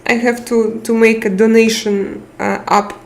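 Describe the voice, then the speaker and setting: Woman live stream host, tired, unhurried speech, emotional thanks to chat. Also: a little high, flat delivery. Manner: warm, emotional, reads out chat names and thanks viewers. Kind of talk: casual live chat with viewers.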